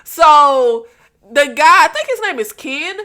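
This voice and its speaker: A woman casually recapping a TV episode, animated, laughing often and acting out quotes. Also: high voice. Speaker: recap vlogger.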